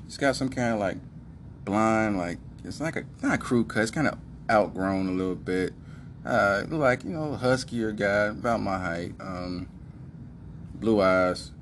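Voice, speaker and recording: Brief: podcast host, man, low voice, emphatic casual storyteller, faint hiss behind. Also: measured pace. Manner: animated, slangy, emphatic.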